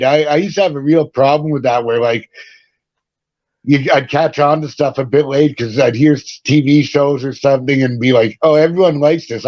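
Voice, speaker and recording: Give me a punk band singer telling animated stories in an interview, in a dull, dry recording. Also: male voice, mid-range voice, dry recording. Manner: animated, acts out quoted voices, laughs often. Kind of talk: casual interview storytelling.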